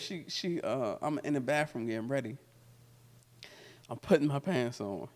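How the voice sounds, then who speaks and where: Guy on a podcast telling raw stories, cussing and laughing a lot, higher voice, echoey hall. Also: vocal fry. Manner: profane, laughs often while telling stories; turns quiet and reflective when serious. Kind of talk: candid storytelling conversation. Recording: long hall reverb.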